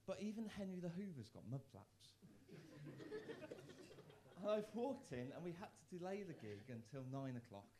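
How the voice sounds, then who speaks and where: A young man from the works a comedy club crowd, his voice sitting a little high for a man. He trips over his own words and restarts often, then throws his punchlines out loud. He sounds self-mocking and close on a handheld stage mic. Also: big pitch swings, normal speed, noisy background. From Worcester, England. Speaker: stand-up comedian. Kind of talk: live stand-up set.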